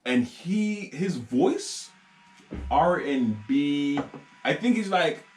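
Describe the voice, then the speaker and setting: A man's voice: a little high, animated, drawn-out words, a little mellow. Chatty man in a roomy space. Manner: rambling, laughs often, acts out quoted voices. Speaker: podcast co-host. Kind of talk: casual chat. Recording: roomy echo.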